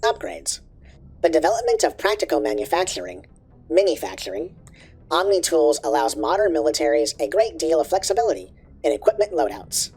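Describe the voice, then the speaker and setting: A man through a breathy alien voice filter. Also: a little high, very animated, brisk, a little mellow, soft background music, pitched above the performer's own voice, heavily acted. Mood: reading. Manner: reads aloud with small slips and restarts. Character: filtered alien-sounding reader, male, calm. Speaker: streamer reading codex entries.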